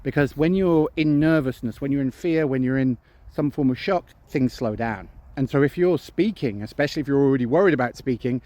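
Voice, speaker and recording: A man's voice: medium pitch, fairly quick, a little mellow, no echo. A man, a phobia specialist talking straight to camera and acting out anxious inner voices. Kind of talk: direct-to-camera talk.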